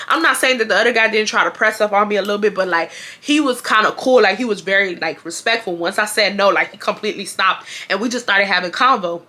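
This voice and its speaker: A woman, telling an animated casual storytime to her viewers. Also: medium pitch, fast, hardly any pauses. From Houston, Texas. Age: 20s. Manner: animated, acts out quotes, addresses viewers. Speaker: vlogger.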